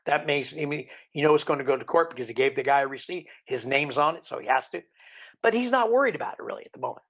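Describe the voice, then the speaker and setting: Gravelly middle-aged man, slightly high voice, casual rambling storyteller. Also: animated, quick pace, a bit bright. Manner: wry, rambling anecdotes with quoted dialogue. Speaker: guest.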